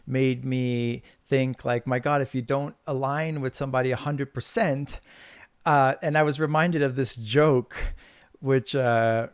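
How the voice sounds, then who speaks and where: A middle-aged man with an ordinary mid-range voice tells stories in a rambling, animated way as he hosts a podcast. The sound is close and dry, with no room around it. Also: medium pitch, unhurried, smooth, no echo. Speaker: podcast host. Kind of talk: casual conversation.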